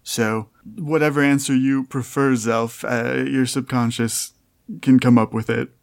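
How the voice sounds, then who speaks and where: Smug scheming old chef chairman, voiced by a man, measured and even. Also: medium pitch, vocal fry. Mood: calm.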